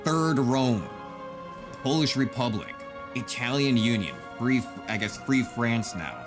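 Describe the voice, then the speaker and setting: Speaking a little slowly in an expressive mid-range voice, a male gaming YouTuber offers joking, casual commentary on his gameplay. Game music plays as he laughs often and erupts in mock-grandiose outbursts.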